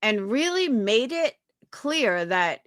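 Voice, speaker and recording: A woman's voice: a little high, sing-song, slow pace, dry recording, studio quality. A young woman on a live stream, chatting casually with viewers and venting in indignant, profane talk. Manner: indignant, profane, quotes others in put-on voices. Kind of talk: casual chat stream, reading comments.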